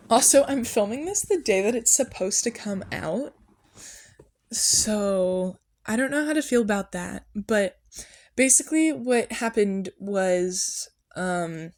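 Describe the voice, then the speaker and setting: A young woman hosting a podcast, telling a deadpan fictional story in a casual, chatty way, full of "like" and "um". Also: mid-range voice. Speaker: podcast host.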